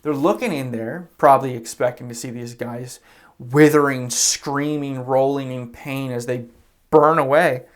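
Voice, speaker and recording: A man's voice: medium pitch, unhurried. A man preaching a sermon as pastor, retelling scripture in a casual, conversational way and briefly acting out the characters' lines. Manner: casual storytelling, acts out quoted characters; conversational with fillers like "you know" and "like".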